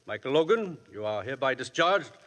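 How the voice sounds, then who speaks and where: A stern, formal judge. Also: male voice, mid-range voice, sing-song, a bit bright, long reverb tail. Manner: formal, deliberate. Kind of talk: 1940s radio acting.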